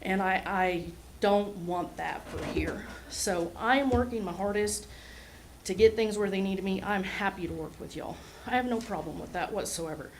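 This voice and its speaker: A woman in her forties speaks to a city commission about her ambulance service, earnest and heartfelt with a touch of nerves. Her voice sits at an ordinary middle pitch, and a faint hum of room noise runs beneath her. She talks plainly, like a medic more at home on a truck than at a podium. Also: moderate pace, rough recording. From Oklahoma. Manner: earnest, heartfelt, a little nervous. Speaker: EMS administrator. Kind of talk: public remarks at a city meeting. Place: city hall meeting room.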